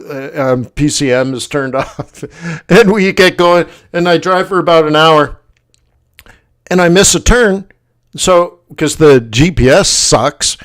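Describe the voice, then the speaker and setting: A man hosting a casual livestream, telling a story in an animated way, often acting out quoted voices and laughing. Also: on the high side, clean tone. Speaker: forex livestream host.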